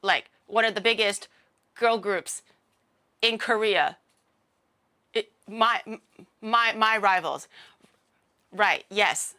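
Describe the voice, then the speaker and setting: A woman's voice: mid-range voice, slow, pauses often, pushed and bright. A woman VTuber chatting casually on stream, rambling and joking, with a blunt, sarcastic, self-mocking manner.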